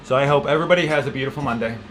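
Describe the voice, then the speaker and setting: Rapid-fire and medium-pitched, an American vlogger in his thirties rambles through a casual update at home, frequently restarting and speaking to his pet. He films on a handheld camera with a gimbal, and heavy background noise fills the clip.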